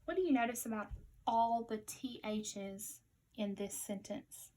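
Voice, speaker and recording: A woman teacher giving a slow spelling dictation to young children, patiently repeating each word with care. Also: on the high side, low-quality recording.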